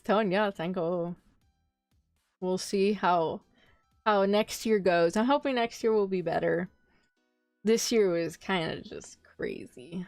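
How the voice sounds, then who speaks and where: A woman's voice: medium pitch, unhurried, dry recording. Young woman streamer, casual rambling chat, laughs a lot, close dry mic with faint music behind. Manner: rambling, laughs often, loses track of thought. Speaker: VTuber streamer.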